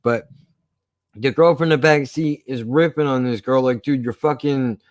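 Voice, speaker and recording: A man's voice: medium pitch, moderate pace, no room sound. A man casually telling a story from his past, swearing often and acting out the argument. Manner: profane, animated retelling.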